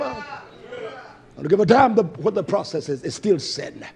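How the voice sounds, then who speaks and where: A man preaching a sermon, bluntly scolding, repeating lines for stress and swinging from soft low talk to loud shouting. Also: big pitch swings, moderate pace, creaky, long pauses, slightly rough. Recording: live-streamed service.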